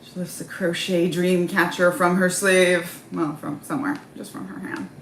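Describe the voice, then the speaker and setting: A woman's voice: fairly low pitch, flat delivery, normal speed, echoey room, a little hiss or hum. A woman reading a comedy script aloud, with casual, offhand asides. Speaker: script reader.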